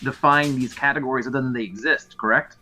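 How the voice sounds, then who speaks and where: A man's voice: medium pitch, steady tone, fast talker, bright, forceful tone. A man playing a character in a tabletop game, speaking earnestly and casually. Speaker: player.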